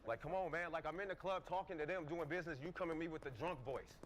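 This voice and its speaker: Fast-talking man, confrontational banter. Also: a little high, slight background noise. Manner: confrontational trash talk, fillers of "like". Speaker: podcast co-host. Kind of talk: casual couch podcast banter. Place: studio couch.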